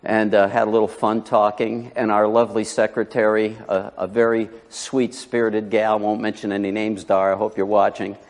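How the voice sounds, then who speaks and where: A man's voice: on the low side, level tone, moderate pace, hardly any pauses. A man preaching a sermon as pastor, telling a folksy story with asides before rising to emphatic preaching. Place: church sanctuary. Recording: long hall reverb.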